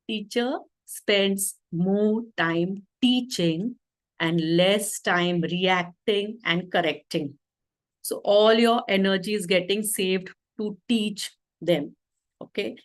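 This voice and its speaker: Over a video call, a woman runs an online training for teachers, explaining things calmly and checking in with "okay?". She speaks at medium pitch, and the recording is rough.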